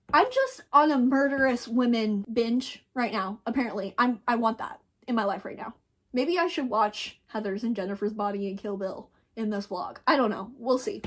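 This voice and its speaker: A young woman from the United States chatting casually in a book vlog, gushing and full of "like" fillers. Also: sits high. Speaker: book vlogger.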